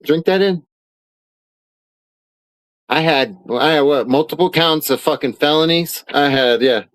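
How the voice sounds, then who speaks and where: An indignant man rants on a live stream from his home studio, swearing freely as he reads out legal papers. His voice sits a little high for a man, and the sound is dry and close with little room echo. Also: measured pace. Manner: indignant, swearing often, reads documents aloud. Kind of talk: angry live-stream rant.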